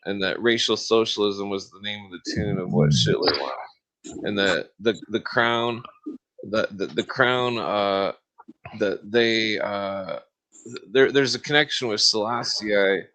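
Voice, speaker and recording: A man's voice: lowish voice, unhurried, fairly bright tone, poor audio. A man chatting as a podcast guest, rambling and restarting his sentences often. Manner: rambling, restarts often, talks over others. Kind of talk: casual podcast chat.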